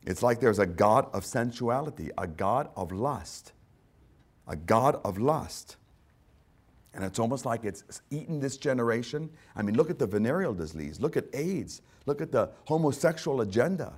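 A man preaching a sermon, fervent and repetitive, who swings from hushed asides to loud emphatic lines and calls his listeners "my friend.". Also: medium pitch. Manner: speaks directly to listeners as "my friend".

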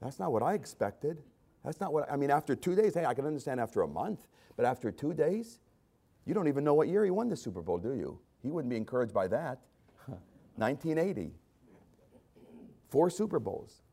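A man preaching a sermon as a pastor, swinging between loud, emphatic repetition and quiet, conversational asides. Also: medium pitch, very animated, a little fast, creaky, husky. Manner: repeats phrases for emphasis.

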